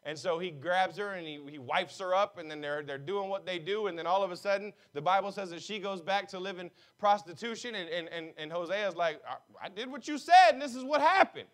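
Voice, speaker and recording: A man preaching a sermon as pastor, mixing humor with passionate, shouted appeals. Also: on the high side.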